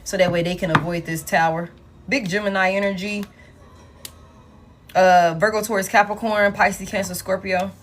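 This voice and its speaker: A woman's voice: mid-range voice, moderate pace, slight background noise. Blunt, profane woman tarot reader. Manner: blunt, profane, animated street talk. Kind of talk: live tarot reading.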